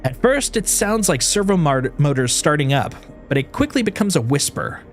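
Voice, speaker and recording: A man's voice: a little high, sing-song, normal speed, faint music behind. A man streaming a story game, reading its narration aloud with expression and breaking off for playful asides.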